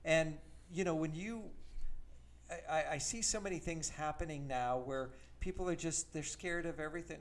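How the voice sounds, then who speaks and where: Talk radio guy, slightly high voice, earnest and folksy, lots of "you know". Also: normal speed. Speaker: radio talk show co-host. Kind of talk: political talk radio banter.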